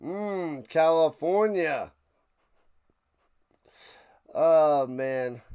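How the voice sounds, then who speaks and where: A man streaming a live watch-along, rambling between plays and shouting out big plays. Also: on the high side, lively intonation, extremely slow, smooth. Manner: rambling chatter with sudden shouted play calls.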